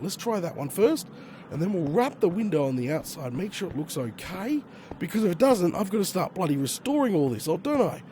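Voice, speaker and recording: An Australian man with a hoarse, failing voice, chatting casually to himself while he plays a game. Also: high voice, a little mellow, a little hiss or hum. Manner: chatty, muttering to himself with slang exclamations. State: hoarse, losing his voice. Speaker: gaming YouTuber. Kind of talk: casual gameplay commentary.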